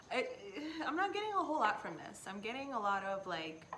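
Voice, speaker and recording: A woman's voice: mid-range voice, a bit bright, a little hiss or hum. A woman from Central America chatting as a guest friend in a casual, earnest, musing way. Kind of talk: casual chat.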